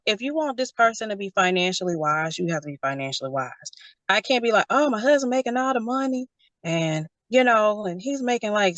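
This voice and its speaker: Brief: young adult woman, lively storyteller, dry close sound. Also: medium pitch, dry recording. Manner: animated storytelling, quotes others in character. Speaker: guest. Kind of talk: casual conversation.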